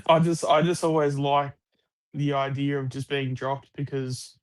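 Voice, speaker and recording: A man's voice: medium pitch, steady tone, a little slow, smooth. An Australian man chatting casually about sport on a live stream, rambling with lots of restarts and the odd swear word.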